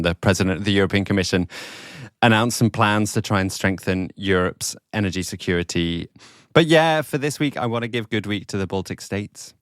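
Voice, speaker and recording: A man's voice: fairly low pitch, a bit bright, dry recording, clean studio sound. A man co-hosting a news podcast, chatting enthusiastically with hesitant restarts. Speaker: podcast co-host. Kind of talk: casual news chat.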